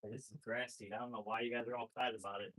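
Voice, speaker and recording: A man talks to his rescued wolfdogs, swearing and telling them how wild they are. His voice sits at an ordinary middle pitch. He speaks in a loose, chatty vlog style. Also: flat delivery, rapid-fire, fairly bright tone. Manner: scolding animals, swearing, repeats "that's crazy, bro". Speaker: wolfdog rescuer and live streamer. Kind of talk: casual vlog talk to dogs and viewers.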